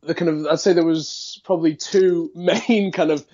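A man's voice: on the high side, fairly even intonation, normal speed, warm tone, muffled recording. A man with a light Liverpool accent, an actor chatting as a podcast guest, thoughtful and rambling with many fillers and restarts. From Liverpool, England. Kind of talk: casual interview chat.

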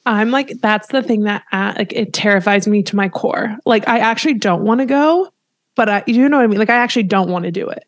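A young woman co-host talks openly in a relaxed podcast chat, her voice at an ordinary middle pitch. She sounds frank and a little rattled, with casual fillers, and the mic is close and dry. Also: fairly quick, dry recording. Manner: candid and frank, easily rattled, chatty fillers.

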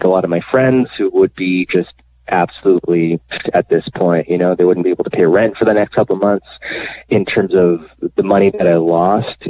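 A man being interviewed on the radio, telling his own story in a candid, animated way with many fillers. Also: sits low. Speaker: guest telling his bank fraud story. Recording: dry phone line.

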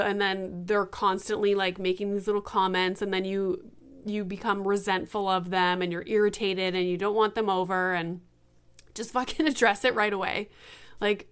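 A blunt woman in her late thirties hosts a solo podcast. She talks straight to her listeners in a casual, frank way and drops the odd swear word. Her voice sits at an ordinary middle pitch for a woman. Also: normal speed, fairly bright tone, clear, resonant tone. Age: 30s. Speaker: podcast host.

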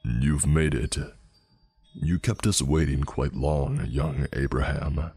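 A man's voice: extremely low pitch, slow pace, darkish tone, breathy edge, exaggerated voice. A man voicing a disembodied male demon god of corruption, mocking and commanding, with faint music behind. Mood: sinister.

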